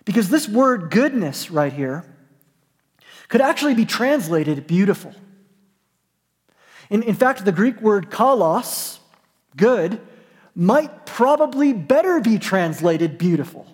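A high-pitched male pastor delivers an earnest, emphatic sermon, often repeating and restarting his words. His voice rings out with a long reverb, as in a large hall. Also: sing-song, takes it slowly, long pauses.

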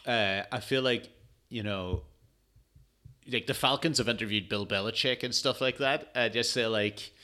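A man's voice: mid-range voice, normal speed, pushed and bright. A man hosting a casual solo sports podcast, rambling and swearing with lots of fillers, tired and yawning. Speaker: podcast host.

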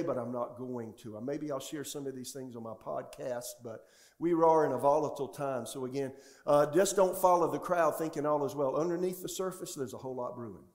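A man's voice: mid-range voice, a little mellow. A male pastor preaching a sermon in a church sanctuary, often putting questions to the congregation. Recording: echoey church room.

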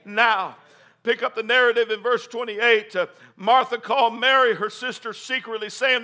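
A man with a very high, bright voice delivers a sermon. He reads scripture, then climbs into loud, fervent preaching and calls for amens from the congregation. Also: fairly even intonation, normal speed. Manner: calls for congregation responses and says amen. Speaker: pastor.

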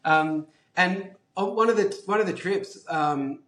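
A man with an Australian accent, a guest telling a story in a casual, animated way, swearing freely and saying "like" and "um" a lot. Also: high-pitched, measured pace, reverberant. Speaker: guest, brand founder.

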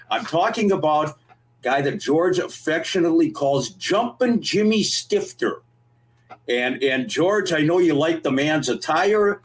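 Animated man telling wrestling-fan stories. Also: on the high side, rough recording. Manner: lively, animated anecdote teller. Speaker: podcast co-host. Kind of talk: storytelling chat.

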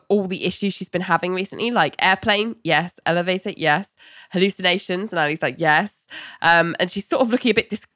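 A woman's voice: lowish voice, pushed and bright, dry recording, studio quality. A woman co-hosting a podcast, chattily recapping a TV episode with a lot of "like" and some giggling. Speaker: podcast co-host.

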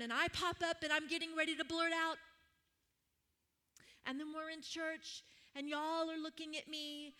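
A woman in her fifties preaching, her voice pitched high and ringing bright. She tells stories in a conversational way, laughing easily before she turns to teaching. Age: 50s. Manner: warm storytelling with laughs and prayer. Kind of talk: sermon with personal story.

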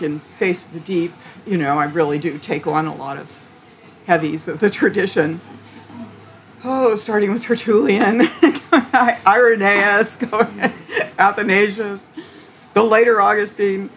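A woman theologian answering interview questions in a thoughtful, halting way, with frequent restarts and light laughter. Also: low voice, slight background noise. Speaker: theologian guest.

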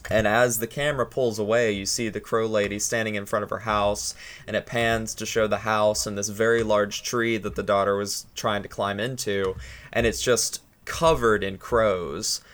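A man's voice: fairly low pitch, little pitch movement, moderate pace, fairly bright tone. A young man chatting casually on a podcast, rambling with many fillers as he retells a story.

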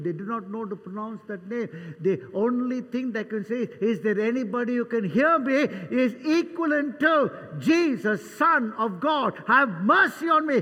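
An older man preaching a sermon as pastor, dramatic, acting out Bible scenes with voices and swinging between loud and soft. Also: sits high, highs cut off. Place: church hall. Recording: long church reverb.

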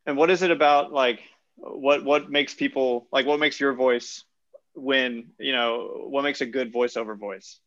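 A man's voice: mid-range voice, steady tone, measured pace, fairly bright tone, no echo. An easygoing man co-hosts a podcast interview, joking lightly with his guest. His voice sits mid-range and the sound is muffled. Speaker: podcast co-host. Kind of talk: casual interview.

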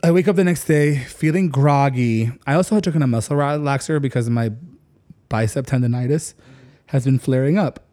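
Man with an animated, casual storytelling voice. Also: medium pitch, a little fast. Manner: animated, leans on "like", swears casually. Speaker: podcast co-host.

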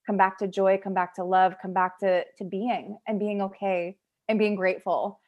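A woman's voice: mid-range voice, steady tone, normal speed, a little mellow, lo-fi sound. A woman hosting a podcast in casual conversation, speaking in an emotive, heartfelt way with frequent restarts. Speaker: podcast host.

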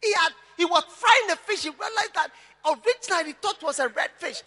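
Fiery high-pitched male preacher. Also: expressive, brisk, in a large hall. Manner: impassioned, often shouting, mimics his listeners. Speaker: pastor. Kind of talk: sermon.

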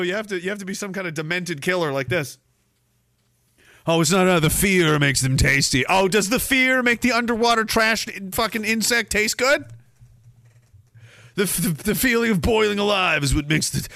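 This ranting comedic monologue has a podcast host mocking chat messages with profanity and frequent silly impressions. His high voice has vocal fry and a bright, forceful tone, recorded dry at studio quality.

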